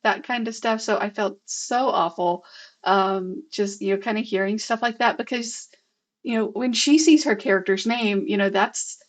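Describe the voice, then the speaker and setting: A woman hosting an interview in casual chat, halting, with many fillers and restarts. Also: mid-range voice. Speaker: host.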